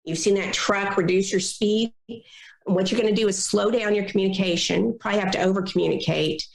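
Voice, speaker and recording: A woman consultant giving advice in a podcast interview, talking in a lively way and acting out complainers in little quoted voices. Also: mid-range voice, a little fast, creaky, echoey room. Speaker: guest consultant on difficult people.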